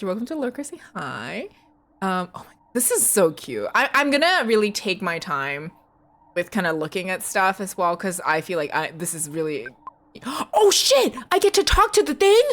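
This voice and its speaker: A woman streamer chatting casually with her viewers while playing a game, giggly and excitable, squealing when she greets people. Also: medium pitch. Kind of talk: casual livestream chat with viewers.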